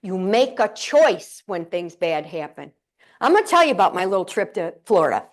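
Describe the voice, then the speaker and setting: A woman's voice: medium pitch, very animated, moderate pace. An older woman from central New York giving a humorous motivational keynote to a live audience, telling stories with chatty, playful asides. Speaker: keynote speaker. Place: conference room with audience.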